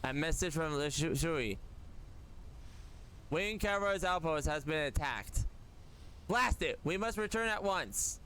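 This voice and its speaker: A man's voice: a little high, animated, measured pace, pauses often, bright, forceful tone, slight background noise. A man streaming a game, reading its dialogue and narration aloud with frequent stumbles and self-corrections. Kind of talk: casual reaction stream, reading text aloud. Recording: faint music underneath.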